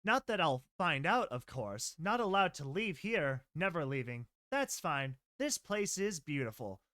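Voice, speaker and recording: A man voicing Gentle, an unhinged pegasus mare. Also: fairly high pitch, sing-song, measured pace, dry recording, clean studio sound, exaggerated voice. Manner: singsong, giggling, fixated repetition.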